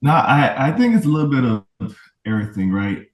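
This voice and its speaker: Earnest dad, roomy far-off mic. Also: male voice, mid-range voice, very animated, brisk. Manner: reflective, earnest, fond of tag questions. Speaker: podcast guest, father of autistic twins. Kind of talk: candid conversational interview.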